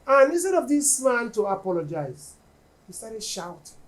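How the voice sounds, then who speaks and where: A woman's voice: a little high, very animated, moderate pace. A woman, telling a personal story in a casual podcast chat.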